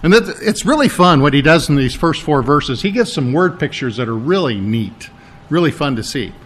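A man's voice: fairly high pitch, lively intonation, normal speed. A middle-aged man, a pastor preaching a sermon in a conversational, explaining manner, often repeating his words.

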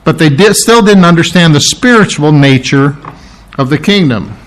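A man preaches in an easygoing, conversational way, walking through scripture aloud. His voice sits a little high for a man, and he often stops to restart or correct himself mid-sentence. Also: lively intonation, moderate pace. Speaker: pastor. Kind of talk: sermon.

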